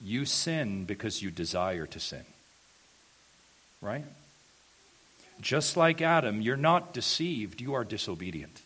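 A man preaching a sermon, emphatic, slowing down and rising in force on key points. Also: fairly low pitch, sing-song, a bit bright, breathy edge. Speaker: pastor.

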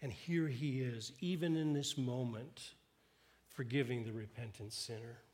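A man preaching a sermon, retelling a story in earnest, his voice swelling with emphasis and dropping low and hushed for quoted words. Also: steady tone, measured pace. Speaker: pastor.

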